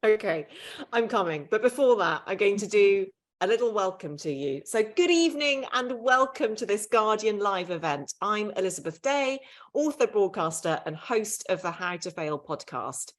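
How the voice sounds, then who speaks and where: A woman's voice: mid-range voice, expressive, moderate pace. A British woman hosting a livestreamed author event, reading a polished, effusive introduction over a video call. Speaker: event host and interviewer.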